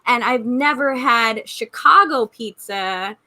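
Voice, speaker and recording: A woman's voice: on the high side, takes it slowly, over a noisy crowd, rough recording. A woman from South Texas chatting as a podcast co-host, bubbly and easy. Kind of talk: casual chat.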